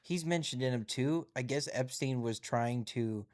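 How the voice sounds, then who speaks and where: A man's voice: medium pitch, a little slow, a little mellow. A man hosting a live stream, casually chatting and reading headlines aloud with musing asides.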